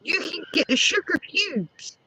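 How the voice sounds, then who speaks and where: A woman's voice: very high-pitched, very animated, unhurried, background noise. An English woman chatting casually, explaining things at length. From England. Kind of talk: casual chat.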